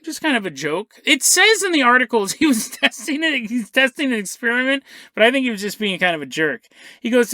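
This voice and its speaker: A man hosts a podcast, telling a story with lots of jokes, laughs and tangents. His voice is bright and forward. The sound is close and dry. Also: extremely high pitch, very animated, moderate pace, dry recording. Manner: jokey, laughs often, digresses. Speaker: podcast host. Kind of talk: comedic storytelling monologue.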